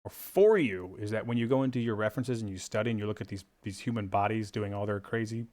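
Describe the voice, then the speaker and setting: A man's voice: lowish voice, quick pace, darkish tone. A man teaching a drawing tutorial in a playful, chummy, jokey way. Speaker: art instructor.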